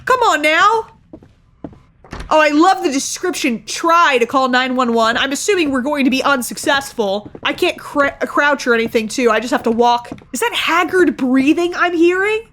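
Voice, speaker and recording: A woman streamer giving casual commentary on a horror game, excitable, swearing and shrieking. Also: high voice, normal speed, a little hiss or hum. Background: faint game music.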